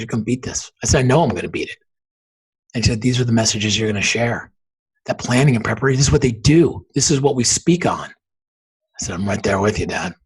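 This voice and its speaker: A man's voice: fairly low pitch, husky, rough recording. A man in his forties, a podcast guest, telling a personal story in an earnest, emphatic way.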